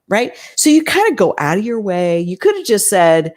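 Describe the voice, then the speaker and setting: A woman's voice: medium pitch, expressive, brisk, hardly any pauses, darkish tone. A woman coaching cleaning-business owners in an emphatic, conversational way, often checking in with "right?".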